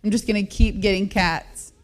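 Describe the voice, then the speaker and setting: A chatty woman in her thirties hosts a radio show. She tells a long story in a self-mocking way and breaks into laughter often. Her pitch sits in the middle for a woman. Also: steady tone, normal speed. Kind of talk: casual radio chat, storytelling.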